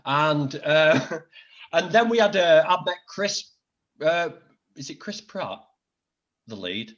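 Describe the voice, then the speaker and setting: A man's voice: on the high side, takes it slowly, dull audio. A middle-aged man with a Northern English accent, chatting as a podcast guest and telling blunt, sweary stories. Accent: Northern English, Greater Manchester. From Northern England. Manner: blunt, sweary, animated anecdotes. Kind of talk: casual chat, storytelling.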